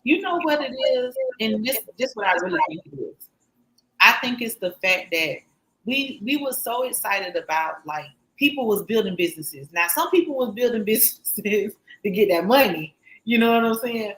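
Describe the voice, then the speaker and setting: Animated, laughing woman co-host. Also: a little high, normal speed, rough recording. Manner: animated, laughs often, talks in long runs. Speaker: podcast co-host. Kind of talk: casual round-table chat.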